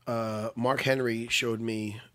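Excitable swearing man, dry sound. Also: medium pitch, slow, no room sound. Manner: excitable, swears freely, laughs often. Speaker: podcast co-host. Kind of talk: casual sports chat.

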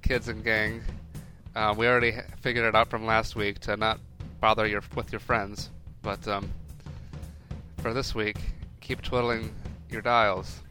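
A hesitant man co-hosting a podcast who talks slowly and leans on fillers. Music sits clearly behind his voice. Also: lowish voice, level tone, pushed and bright. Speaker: podcast co-host. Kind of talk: casual podcast chat.

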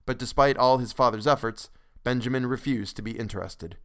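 Brief: a male podcast storyteller with a smooth, resonant voice, mid-pitched, measured and expressive. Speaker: podcast host and narrator. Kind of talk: dramatic storytelling reading.

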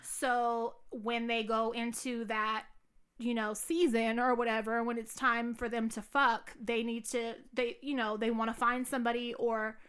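A woman's voice: a little high, level tone, a little slow, fairly bright tone, clean tone. A young woman telling stories in casual, profane podcast chat, full of fillers. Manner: candid, profane, storytelling with many fillers. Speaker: podcast co-host.

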